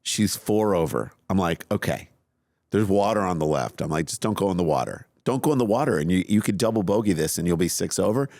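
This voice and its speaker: A man co-hosting a podcast, telling a story in a casual, animated, self-mocking way. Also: deep voice, a little fast, no echo, studio quality. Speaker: podcast co-host.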